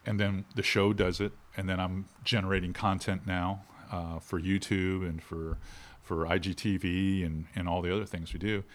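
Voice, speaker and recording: A middle-aged man, a fishing instructor talking in a casual interview with animated, shifting inflection. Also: low-pitched, normal speed.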